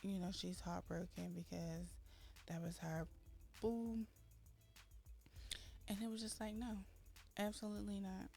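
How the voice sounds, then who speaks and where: A woman's voice: on the low side, slow pace, gravelly, pauses often, darkish tone. A woman hosting a let's-play, chatting casually as she narrates her game and acts out her characters' lines with dramatic flair. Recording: faint background music.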